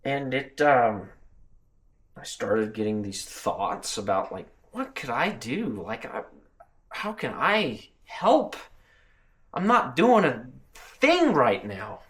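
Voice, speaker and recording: Man, mid-range pitch, very animated, earnest testimony with restarts. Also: takes it slowly. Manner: earnest, emotional storytelling with frequent restarts. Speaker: channel host and truck driver. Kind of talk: personal spiritual testimony.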